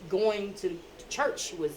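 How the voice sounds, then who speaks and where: A middle-aged woman hosting a casual chat, who tells stories in an animated, emphatic way. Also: medium pitch, slow pace, crowd noise, rough recording.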